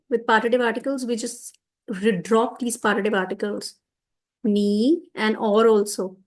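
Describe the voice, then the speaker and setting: A woman teaching French grammar for a school exam, explaining each answer step by step and slowing down on the French. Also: medium pitch, steady tone. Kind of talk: exam revision lesson.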